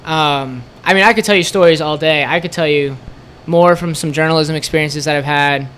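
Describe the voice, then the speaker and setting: A podcast guest who co-owns a store recounts a road trip casually, his voice on the high side and a bit fast, with slight background noise. He's animated, voicing what everyone said and saying "like" often.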